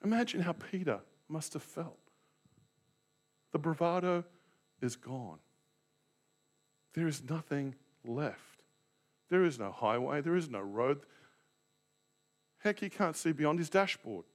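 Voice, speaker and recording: A man's voice: a little high, lively intonation, takes it slowly, pauses often. A man preaching a sermon as a Baptist pastor, telling the story dramatically and acting out the scenes.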